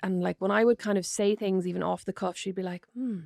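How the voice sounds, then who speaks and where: A woman's voice: medium pitch, level tone, quick pace, gravelly, darkish tone, no echo, studio quality. An Irish woman co-hosting a podcast, chatting casually and reflectively, often finishing her partner's sentences. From Ireland. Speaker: podcast co-host. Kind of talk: casual chat.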